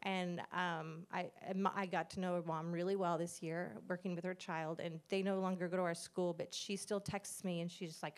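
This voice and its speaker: A woman's voice: on the low side, steady tone, brisk. Earnest middle-aged woman giving a church testimony. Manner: earnest, conversational, acts out quoted dialogue. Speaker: pastor's wife sharing a testimony.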